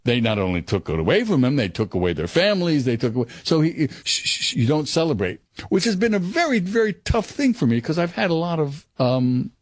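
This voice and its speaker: Animated older man, dry close sound. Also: on the high side, fast talker, hardly any pauses, no echo. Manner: animated storyteller, acts out quotes, hesitant restarts. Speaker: actor guest. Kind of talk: candid interview conversation.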